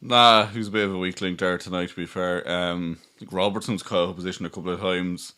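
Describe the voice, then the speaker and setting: A man's voice: low voice, fairly even intonation, fast, bright, forceful tone, clear, resonant tone. A man co-hosting a live football stream, laid-back with dry humor. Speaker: co-host.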